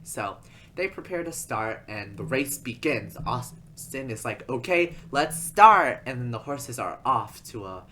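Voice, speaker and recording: A man's voice: mid-range voice, measured pace, pushed and bright. A man narrating a casual video essay in a rambling, chatty way, full of asides.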